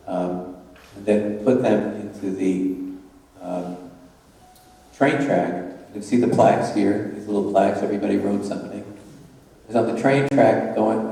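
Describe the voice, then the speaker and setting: An older man giving a public remembrance talk in a measured way, straining when he reads aloud. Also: on the low side, mellow, very echoey, big-room sound, distant mic, poor audio. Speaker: speaker at a Holocaust remembrance talk. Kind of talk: public presentation.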